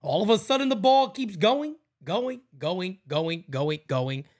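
A man hosting a fan livestream, calling a baseball game pitch by pitch in a casual, excitable way and chatting with viewers between plays. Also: unhurried. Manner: excitable, jumps to loud calls on big plays. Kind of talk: casual play-by-play with chat shout-outs.

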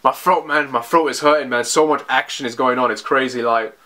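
A man giving an excitable, rambling reaction commentary as a video host, often tossing in "man". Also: mid-range voice, a little fast.

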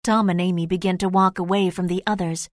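A woman reading the narration of a graded storybook, slow and clear. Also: on the low side, fairly even intonation, dry recording, studio quality. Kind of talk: scripted narration of a graded reader.

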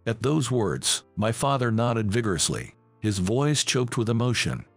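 A man narrating a scripted first-person story in an earnest, steady way. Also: mid-range voice, a little slow, few pauses, no echo, faint music behind.

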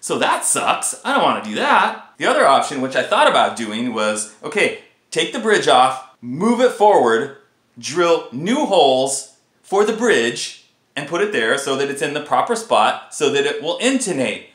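A man hosting a casual guitar vlog, ranting in an animated, exasperated way about a faulty guitar. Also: fairly high pitch, moderate pace, roomy sound. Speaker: guitar video host.

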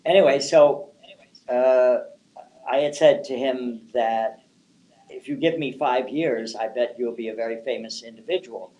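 A man's voice: mid-range voice, a little slow, dark tone, a little hiss or hum, poor audio. An older man, a psychic and palm reader, telling rambling anecdotes in an interview and often restarting his words.

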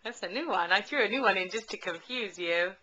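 A young mother at home, slowly coaxing her toddler to say words in an encouraging, sing-song way, filmed on a handheld camcorder. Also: mid-range voice, animated, sharp tone, muffled recording. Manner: slow, sing-song, encouraging baby talk.

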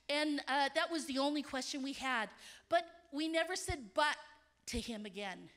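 A woman in her fifties giving an emphatic, animated conference sermon as a missionary speaker, at times dropping to hushed tones. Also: sits high, moderate pace. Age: 50s. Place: stage of a large conference hall.

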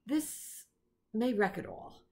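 A woman's voice: fairly high pitch, expressive, darkish tone. A woman doing a haughty witch queen. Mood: musing. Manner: haughty, slow and menacing. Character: cold imperious female queen, a witch. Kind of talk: storybook read-aloud.

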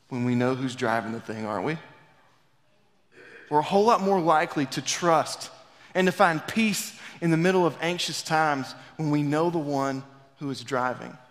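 A man preaching a sermon in a church, telling a story dramatically and swinging between loud rises and hushed, quiet passages. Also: on the high side. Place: church sanctuary. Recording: long reverb of a church hall.

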